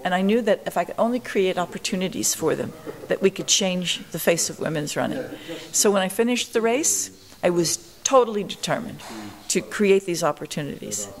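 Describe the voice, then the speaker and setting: Older woman interviewee, animated storyteller, slightly low voice. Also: a little fast, hardly any pauses, crowd noise. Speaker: interviewee, marathon pioneer.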